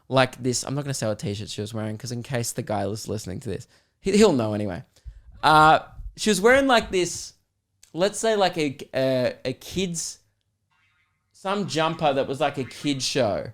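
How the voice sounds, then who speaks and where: A young Australian man, a comedian and podcast host, telling an animated, rambling story with lots of swearing. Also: medium pitch. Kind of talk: casual storytelling.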